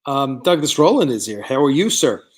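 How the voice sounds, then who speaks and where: A man's voice: mid-range voice, sing-song, fairly quick. A man hosting a live stream, chatting casually with viewers in a rambling way, with many fillers, and reading out their comments. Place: studio set of a starship bridge.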